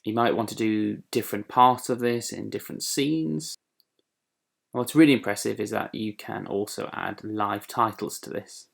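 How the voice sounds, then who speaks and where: A man's voice: fairly low pitch, normal speed, creaky, a bit bright. A man presenting an online writing lesson for children in a friendly, explanatory way with frequent fillers. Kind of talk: classroom lesson video.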